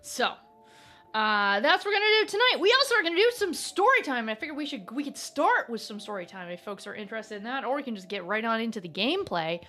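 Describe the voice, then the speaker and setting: High voiced lady streamer just chatting, playful, giggly, saying hi to chat. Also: very animated, moderate pace, sharp tone. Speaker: live-stream host. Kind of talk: casual live-stream chat.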